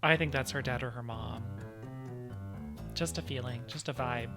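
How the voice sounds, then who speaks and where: A man's voice: medium pitch, normal speed, pauses often. Casual male streamer, filler-heavy chatter over game music. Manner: casual, slangy, full of fillers. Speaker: gaming streamer. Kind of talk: casual let's-play commentary. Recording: game music playing behind.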